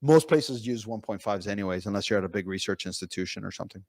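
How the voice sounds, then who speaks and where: A man speaking as a pain physician at a conference, telling patient stories in an animated way with many fillers and restarts. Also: fairly low pitch, quick pace, dry recording. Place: conference room.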